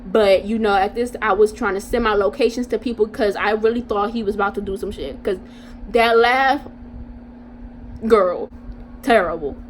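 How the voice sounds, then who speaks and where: A young woman vlogger telling a casual storytime in an animated, slangy way, talking straight to her viewers. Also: mid-range voice, normal speed, slight background noise.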